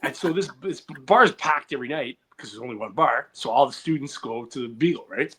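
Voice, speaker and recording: A man's voice: medium pitch, animated, fairly quick, fairly bright tone. A man hosting a comedy podcast, rambling through anecdotes with restarts and acted quotes. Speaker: podcast host. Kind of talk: casual comedy podcast storytelling.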